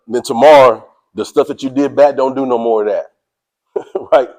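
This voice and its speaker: A man giving a motivational speech to a sports team, energetic and preachy, speaking in casual slang and calling out to his listeners. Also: mid-range voice, normal speed, low-quality recording. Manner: casual slang, drawls "y'all".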